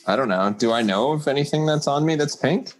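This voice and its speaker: A man playing in a tabletop role-playing game, animated, describing his character's actions in first person. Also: mid-range voice, a little fast. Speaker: player.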